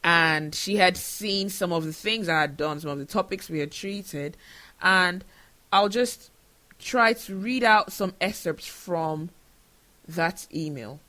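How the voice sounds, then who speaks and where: Bright-voiced woman, impassioned host. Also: on the low side, slow. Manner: emotional, indignant, rhetorical questions. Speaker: show host. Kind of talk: impassioned monologue to camera.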